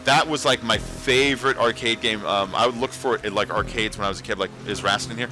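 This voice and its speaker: A man's voice: lowish voice, a little fast, pushed and bright, faint music behind. A man hosting a casual livestream, rambling and talking back to his chat. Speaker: livestream host.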